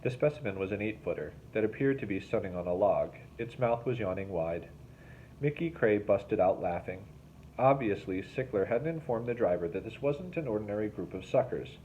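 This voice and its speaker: A male teacher reading a novel aloud to his class, in steady, plain narration with an occasional restart. His voice sits low, and the recording is slightly dull with a faint hiss behind it. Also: fairly quick.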